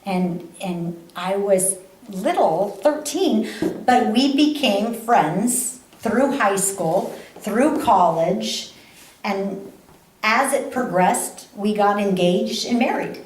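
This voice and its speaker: Woman motivational speaker, slow and bouncy, pitch all over, lots of laughing, echoey hall. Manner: animated, laughs often, repeats phrases for emphasis. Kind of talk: live motivational talk to an audience.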